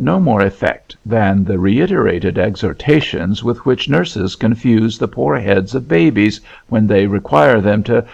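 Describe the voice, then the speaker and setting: A man narrates a novel with a low, gravelly voice that rises and falls freely. The tone is husky, and the recording sounds dull and lo-fi. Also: lively intonation, unhurried, hardly any pauses, darkish tone.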